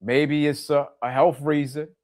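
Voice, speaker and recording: His voice leans high but stays level, with a darkish tone and a measured pace. A middle-aged podcast host, he reflects plainly to listeners, repeating key phrases for emphasis and directing questions straight at them.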